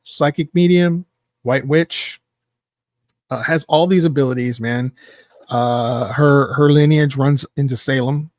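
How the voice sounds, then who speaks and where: Animated man telling a story, dry mic. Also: medium pitch, a little slow, no echo. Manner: animated, emphatic, swears freely. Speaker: podcast guest. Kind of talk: casual storytelling.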